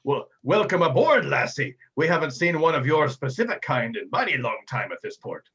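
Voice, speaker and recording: A man's voice: a little high, sing-song, normal speed, fairly bright tone, husky, full character voice. A man voicing a brash, bearded middle-aged ship captain with a bluff, hearty, piratical manner, in a dull lo-fi recording.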